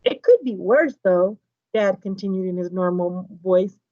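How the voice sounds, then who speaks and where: A woman teacher reading a children's novel aloud to her class, lively and voicing each character's dialogue. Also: medium pitch, a little slow, no echo, muffled recording. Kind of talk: children's book read-aloud.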